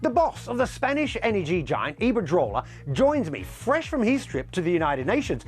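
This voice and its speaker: A man hosting a business news show, presenting with a lively, emphatic delivery. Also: high voice, moderate pace, soft background music.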